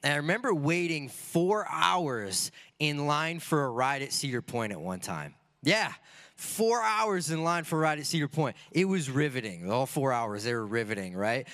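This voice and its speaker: A man's voice: a little high, very animated, moderate pace, a bit bright. A man preaching a sermon in a casual, joking way, often asking rhetorical questions. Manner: casual, conversational.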